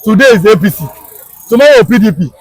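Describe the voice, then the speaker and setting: High-voiced Nigerian man, emphatic and repetitive. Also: lively intonation, fast, dry recording, poor audio. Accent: Nigerian, Yoruba. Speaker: street political commentator. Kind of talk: impassioned political commentary. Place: outdoors on a Lagos street.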